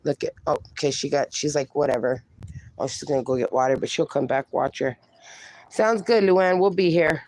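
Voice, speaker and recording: A woman's voice: deep voice, moderate pace, darkish tone. A middle-aged woman hosting a casual livestream, reading viewer comments aloud and baby-talking to her dogs. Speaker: livestream host.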